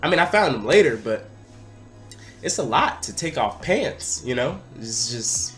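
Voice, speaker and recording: Young adult male vlogger, casual excitable storyteller, mid-range pitch, light music bed. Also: a little slow. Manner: animated, excitable, breaks into loud acted-out quotes.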